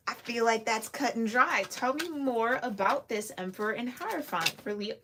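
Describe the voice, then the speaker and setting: A woman giving a casual tarot reading to camera, chatty and giggly with lively asides. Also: on the high side, normal speed, hardly any pauses, background noise. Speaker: tarot reader.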